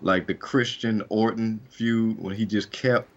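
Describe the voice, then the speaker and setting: Rambling through a casual chat with lots of fillers and restarts, a man co-hosting a wrestling podcast speaks in a lowish, steady voice, a little slowly. The recording has its highs cut off.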